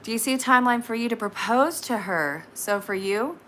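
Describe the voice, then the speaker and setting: A woman in her late thirties giving casual tarot readings on a live stream, chatty and frank with quick asides. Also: on the high side, a bit bright, a little hiss or hum. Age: 30s.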